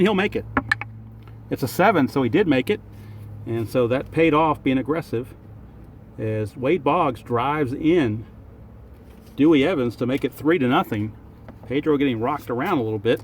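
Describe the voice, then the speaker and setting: A man's voice: fairly high pitch, slight background noise. Man calling a tabletop baseball game outdoors. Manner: thinks aloud over each roll. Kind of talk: play-by-play commentary of a dice game.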